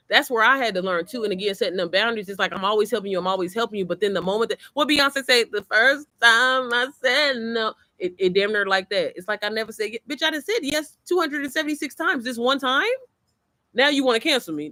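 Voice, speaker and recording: A woman chatting casually to camera on her computer, animated and quick to laugh, swearing freely as she tells stories. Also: mid-range voice, no room sound. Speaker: vlogger. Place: outdoors, then inside. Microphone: computer mic.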